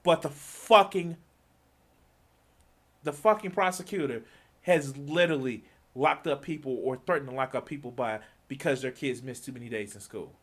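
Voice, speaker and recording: A man's voice: medium pitch, moderate pace, fairly bright tone. A man streaming, delivering a heated, profane political rant, repeating himself and swearing often.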